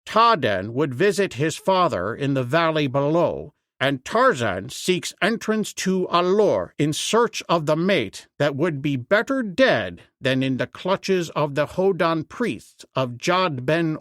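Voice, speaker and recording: A boastful tribal warrior man, quick to bristle, with a lively rising and falling voice, as a male narrator reads him in a storybook. The delivery is slow and close, with no room sound. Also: fairly high pitch, no room sound, heavily acted.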